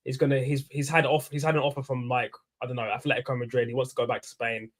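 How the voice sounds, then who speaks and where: Fast-talking young man. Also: medium pitch. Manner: rambling, excitable, slangy. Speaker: livestream host. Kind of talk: casual post-match fan chat.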